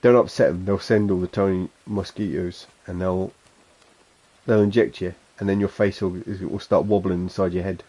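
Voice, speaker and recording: A man's voice: sits low, flat delivery, normal speed, dark tone. A man with a Suffolk accent chatting casually and rambling as he streams a game, chuckling to himself. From England. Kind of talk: casual gameplay chat.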